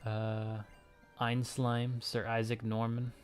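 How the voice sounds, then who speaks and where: A man's voice: mid-range voice, completely flat delivery, slow. A young man from Ontario, Canada, streaming and chatting casually with viewers, rambling and joking as he answers questions. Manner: rambling, self-interrupting, joking with chat. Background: faint music.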